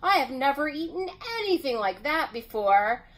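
A boastful, excitable female alligator from a storybook, put on by a woman reading aloud. She sounds high and swoops about, bossy and full of bounce. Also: normal speed.

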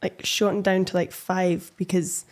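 A woman's voice: on the low side, flat delivery, a little slow, darkish tone. A woman from Shetland, a podcast guest, telling a story in a casual, laughing, chatty way. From Shetland, Scotland.

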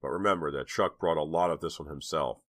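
Brief: man as a stern dad, very deep and dry. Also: quick pace, fairly bright tone, dry recording. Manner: stern, scolding. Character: stern middle-aged father.

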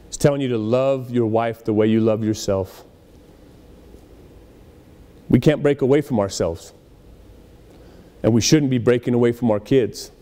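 Guy preaching in a big echoey church, mellow warm voice, chatty sermon. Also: medium pitch. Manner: conversational preaching with acted-out quotes. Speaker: pastor.

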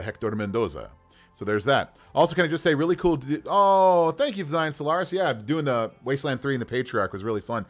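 A man live-streaming as game master, talking through character creation in a rambling, animated way with many fillers. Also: medium pitch.

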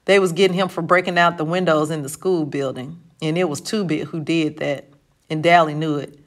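A woman's voice: low-pitched, steady tone, fairly quick, lightly acted. A woman reading the part of a frightened, guilt-stricken teenage boy in an audiobook, with a trembling, upset delivery. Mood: earnest.

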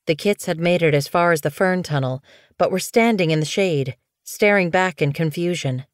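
A woman with a low voice narrates an audiobook in a calm, even storytelling manner. The recording is dry and close, with no room sound. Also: moderate pace, no echo. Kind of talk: scripted narration.

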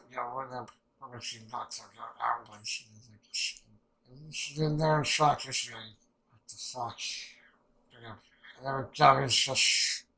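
A man hosting an anime reaction, recapping an episode in a rambling, excitable way and swearing often. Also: mid-range voice, vocal fry, rough recording.

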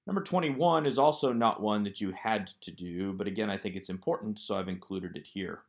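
A man with a lowish voice teaches Hebrew grammar in a recorded lesson, speaking fairly quickly. He takes the workbook exercises one by one and explains each methodically.

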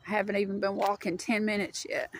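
A woman rambles through a casual walking vlog, a little out of breath. Her mid-pitched voice has a gravelly edge. She was recorded outdoors on a wooded trail with a handheld phone. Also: flat delivery, quick pace, slight background noise. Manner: chatty, rambling, talks sweetly to her dog. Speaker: vlogger walking her dog.

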